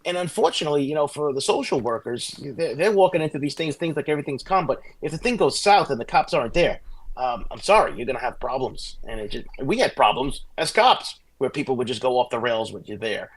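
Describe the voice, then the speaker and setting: A middle-aged man, a former police sergeant telling animated stories as a guest on a casual podcast. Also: medium pitch. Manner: fast, animated anecdotes with restarts.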